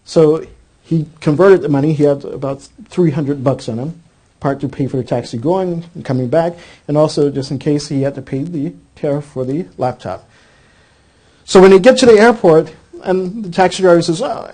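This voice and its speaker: Male lecturer, high warm voice, animated storyteller, keeps saying "he says". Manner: animated storyteller acting out quoted dialogue; repeats "he says" constantly. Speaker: speaker.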